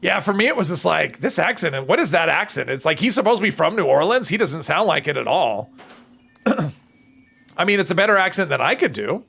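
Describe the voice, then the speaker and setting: A man's voice: a little high, very animated, brisk, creaky, bright, forceful tone, husky, faint music behind. A man chatting casually on a live stream while he plays a game, reading chat and answering it, his voice strained and tired.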